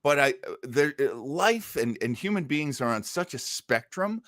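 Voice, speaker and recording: A bright-voiced man co-hosting a casual podcast, his pitch rising and falling freely. He tells long, rambling stories full of restarts. The sound is dry and close to the mic. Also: very animated, moderate pace, hardly any pauses, dry recording. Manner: rambling storyteller with many restarts. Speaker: podcast co-host. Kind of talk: casual chat.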